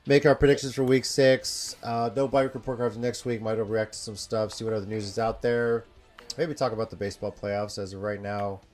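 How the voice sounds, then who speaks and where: A man hosting a sports podcast, wrapping up in a relaxed, casual way. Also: lowish voice, a little fast, soft background music. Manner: relaxed, wraps up the show. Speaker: podcast host. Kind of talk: casual chat and outro.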